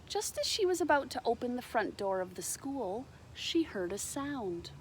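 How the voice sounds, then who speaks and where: A woman reading a children's picture book aloud with lively, animated delivery. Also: on the high side, moderate pace, slight background noise. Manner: animated, shouts character lines, explains to children. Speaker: storybook reader. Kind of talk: children's storybook read-aloud.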